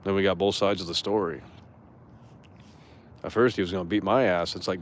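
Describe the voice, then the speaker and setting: A man's voice: lowish voice, fairly even intonation, brisk, vocal fry, long pauses. Rambling, profane young man ranting. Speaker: streamer. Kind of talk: casual rant to chat.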